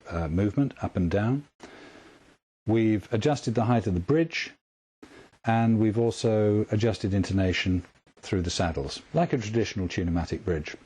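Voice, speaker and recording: A man calmly walking through a guitar tremolo setup step by step, patient and methodical. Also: lowish voice, husky. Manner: calm, patient, step-by-step explaining. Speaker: guitar tech instructor. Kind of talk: instructional demonstration.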